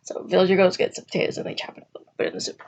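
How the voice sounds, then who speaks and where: A woman's voice: racing, a little mellow, lo-fi sound. Chatty woman retelling a folk tale. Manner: chatty and rambling, acting out quotes with pitch jumps. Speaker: vlogger. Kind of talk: casual storytelling.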